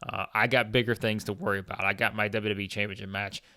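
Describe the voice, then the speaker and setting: A man doing a calm, soothing wrestling champ. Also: on the low side, fast, dry recording, studio quality. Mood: placating. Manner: soothing, placating. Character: calm, reassuring male pro wrestler champion.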